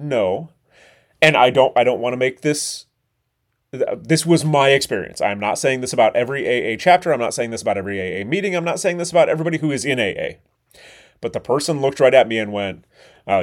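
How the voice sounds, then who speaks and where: A middle-aged man, hosting a podcast and talking bluntly and candidly, with frequent swearing. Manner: blunt and profane, animated swings in pitch and volume. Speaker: podcast host. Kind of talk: candid monologue.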